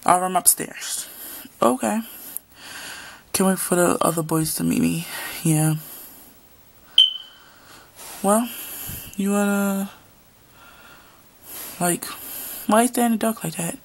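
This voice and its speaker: A woman's voice: lowish voice, unhurried, gravelly, long pauses, slight background noise. A woman performing a homemade drama, voicing several young men in casual, slangy back-and-forth dialogue. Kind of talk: homemade voiced drama, one performer doing all roles.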